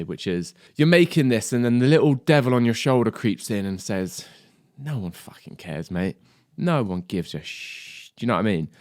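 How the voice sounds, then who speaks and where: Male drum tutor, lowish voice, dry close sound, chatty and sweary, keeps checking in with the viewer. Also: a little mellow, no echo. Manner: chatty, swears, says "mate" and "do you know what I mean". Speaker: drum teacher. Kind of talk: casual video lesson.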